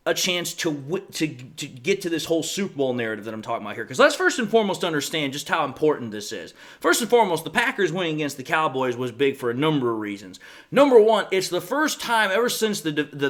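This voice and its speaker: Hosting his own sports commentary show, a man talks casually and at length in a folksy manner, calling people "y'all" and "folks." His voice sits on the high side with a fairly bright tone.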